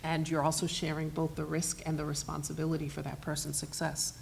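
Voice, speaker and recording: A woman moderating a panel, making concise, calm points. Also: low-pitched, brisk, creaky.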